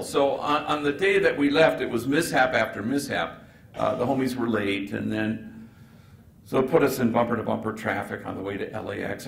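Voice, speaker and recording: A man, a priest, giving a keynote address as an animated storyteller who acts out the dialogue and drops playful asides. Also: medium pitch, creaky. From Los Angeles. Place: large event hall. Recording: echoey hall recording with faint noise.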